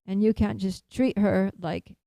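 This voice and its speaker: A woman's voice: medium pitch, fairly even intonation, measured pace, creaky, mellow, no echo. A woman voicing a stern, scolding girlfriend. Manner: firm, scolding, emphatic. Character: stern protective female friend, scolding.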